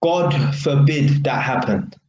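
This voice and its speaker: A young adult man from England with a London accent rants casually to camera as a vlogger, using heated street slang and repeating "innit." His mid-range voice is slow and a little mellow. The room is echoey, with faint ambience and slight background noise.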